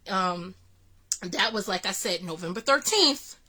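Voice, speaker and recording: A woman's voice: medium pitch, expressive, a little slow, pushed and bright. A woman vlogger earnestly recounting a personal experience, full of restarts and fillers. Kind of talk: personal storytelling vlog.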